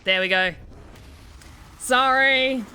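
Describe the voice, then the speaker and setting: A woman streaming a video game with casual, excitable commentary, often exclaiming and swearing. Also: high voice, slow, clear, resonant tone.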